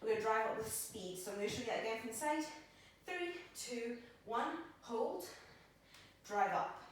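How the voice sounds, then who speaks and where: A woman's voice: fairly high pitch, a little hiss or hum. A woman personal trainer leading a workout, counting reps and cueing moves while she exercises, a little out of breath. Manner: encouraging, counts reps aloud. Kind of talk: workout instruction while demonstrating. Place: gym. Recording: very echoey gym from far off.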